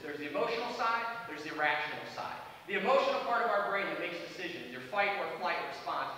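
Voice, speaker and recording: A man giving a motivational stage talk, telling stories and speaking directly to the audience. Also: high voice. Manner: animated, addresses the audience directly. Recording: echoey hall from far off, faint noise.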